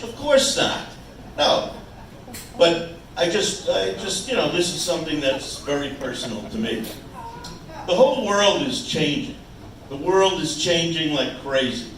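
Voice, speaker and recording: A man performing a stand-up comedy set in a small club, teasing the crowd with wisecracks and halting restarts. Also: on the high side, a bit bright, recorded from a distance, a little hiss or hum. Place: small brewery club stage. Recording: echoey room, mic heard from afar.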